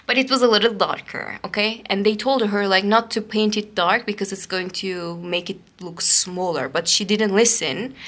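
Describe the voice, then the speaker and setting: A woman giving a casual, excitable coffee cup reading to her viewers, talking loosely with many fillers and keeps checking in with "okay?". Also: medium pitch. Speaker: coffee cup and tarot reader.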